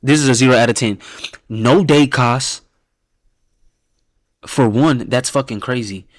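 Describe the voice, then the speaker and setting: A man's voice: a little slow, no echo, clean studio sound. Blunt, profane man reacting live. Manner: blunt, profane, animated, laughs often, reads names in a low mumble. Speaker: host reacting to viewers' fan-picked football teams. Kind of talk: casual reaction stream.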